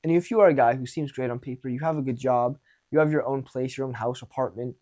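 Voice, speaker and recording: A young man talks straight to the camera as a dating coach, casual and blunt with frequent swearing. He acts out bits of dialogue to make his points, at a voice of ordinary, middle pitch. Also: quick pace, darkish tone. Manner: blunt, profane, acts out quoted exchanges. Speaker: dating and social skills coach. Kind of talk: casual advice monologue.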